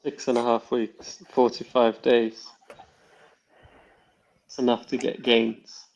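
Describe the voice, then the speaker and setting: A man's voice: mid-range voice, flat delivery, slow, a little mellow. A man co-hosting a casual podcast chat, giving practical, matter-of-fact advice. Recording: dull lo-fi sound.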